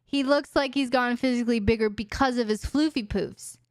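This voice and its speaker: Woman host, candid and chatty, higher voice, smooth and clear, dry close mic, live-stream Q&A. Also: moderate pace, no echo. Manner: chatty, frank, talks to her dog in baby talk. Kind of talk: casual live-stream chat. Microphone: desk microphone.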